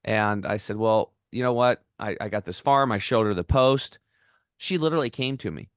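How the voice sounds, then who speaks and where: A middle-aged man, a podcast guest, telling stories in an excited, rambling way and acting out the voices of the people in them. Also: fairly low pitch, moderate pace, smooth, no echo, clean studio sound. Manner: enthusiastic, rambling, acts out quoted voices. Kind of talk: excited storytelling interview.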